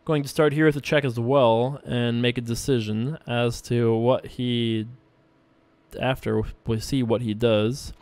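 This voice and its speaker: A man casually commenting on his own online poker play as host, rambling and relaxed with frequent filler words. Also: mid-range voice, measured pace, no room sound. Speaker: poker player and show host.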